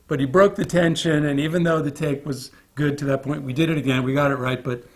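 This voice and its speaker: A man in an interview, telling a behind-the-scenes story in a casual, animated way and acting out other people's lines. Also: a little high, fairly quick. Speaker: film crew member recalling a production.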